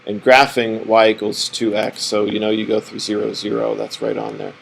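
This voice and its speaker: A man's voice: fairly low pitch, monotone, normal speed, gravelly, a little hiss or hum, poor audio. A man teaching a math lesson, rambling and correcting himself as he draws on the board. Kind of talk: classroom lecture.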